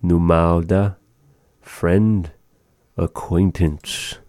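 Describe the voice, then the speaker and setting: A very deep, unhurried man voice teaching vocabulary one word at a time. He repeats each word, sounding dark and mellow, as if close to a dry mic. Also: flat delivery, dry recording. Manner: slow, repeats each word, chuckles at odd words. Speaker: language teacher.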